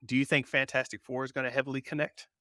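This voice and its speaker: A man co-hosting a casual pop culture podcast, relaxed and conversational, bringing up news items. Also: mid-range voice, fast talker, no room sound. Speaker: podcast co-host.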